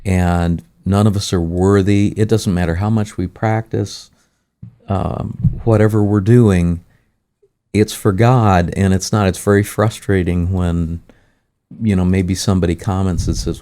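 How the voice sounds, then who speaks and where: A man's voice: sits low, steady tone, a little slow, dark tone. A man who leads worship at a church, explaining his ideas in a thoughtful way during a casual faith chat.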